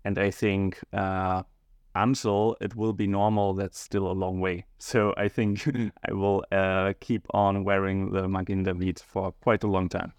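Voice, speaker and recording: A male schoolteacher answering interview questions hesitantly, often pausing and searching for words. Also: low-pitched, flat delivery, no room sound. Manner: hesitant, many fillers and restarts, searching for words.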